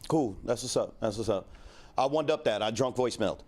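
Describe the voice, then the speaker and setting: A man's voice: medium pitch, brisk, a little mellow. A man in his thirties doing a stand-up set in a laid-back, rambling, crude way, full of fillers. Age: 30s. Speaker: stand-up comedian.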